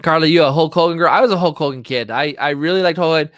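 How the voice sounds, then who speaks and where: Excitable rambling middle-aged man. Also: on the high side, rapid-fire, no echo, clean studio sound. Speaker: livestream host. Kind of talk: casual livestream chat. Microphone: streaming setup, close mic.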